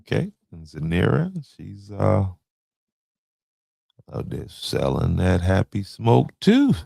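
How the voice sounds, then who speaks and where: Deep gravelly man ranting. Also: huge pitch swings, takes it slowly, mellow, dry recording. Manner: loose slangy storytelling, stumbling over names. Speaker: podcast host. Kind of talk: casual commentary.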